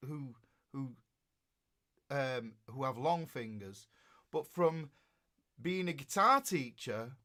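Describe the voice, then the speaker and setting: A man's voice: a little high, bright, forceful tone. A middle-aged man, a guitar teacher chatting casually on a livestream and reading out viewer comments in a rambling way.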